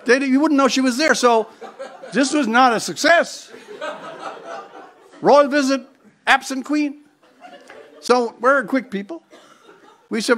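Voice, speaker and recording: A man from Newfoundland, with the accent to match, holds forth at a conference lectern in a strikingly high voice. He spins comic anecdotes with theatrical relish and pounces on sudden emphatic asides. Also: slow, pauses often, fairly bright tone. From Newfoundland, Canada. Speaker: conference speaker. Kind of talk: humorous storytelling speech. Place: conference hall before a live audience.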